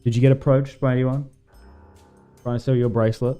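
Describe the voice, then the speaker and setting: A man's voice: mid-range voice, level tone, fairly quick, dark tone, clean tone, lo-fi sound, faint music behind. A man chatting casually with his stream while playing a strategy game, rambling with fillers and laughs. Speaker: livestream gamer.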